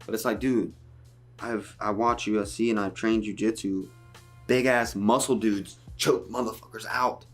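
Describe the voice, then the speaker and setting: A man's voice: fairly low pitch, fairly even intonation, moderate pace, soft background music. A man co-hosting a casual podcast chat, talking heatedly and emphatically and swearing freely. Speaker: podcast co-host.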